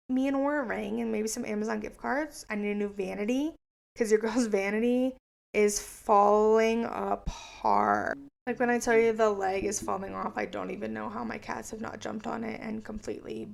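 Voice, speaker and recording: A woman's voice: mid-range voice, gravelly. A young woman in her twenties hosting a casual solo podcast, chatty, rambling and profane. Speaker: podcast host.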